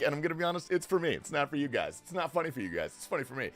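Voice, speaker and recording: A man hosting a casual livestream at home, greeting viewers with joking banter that swings from low murmurs to sudden yells. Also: big pitch swings, rapid-fire, few pauses, soft background music. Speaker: livestream host. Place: home, keeping quiet while others sleep.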